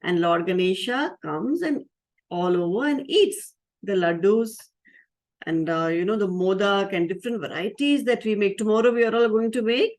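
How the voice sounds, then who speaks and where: A woman who is a spiritual teacher, telling a story to children in a lively way and asking them questions. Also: medium pitch, normal speed. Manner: lively, asks the audience questions.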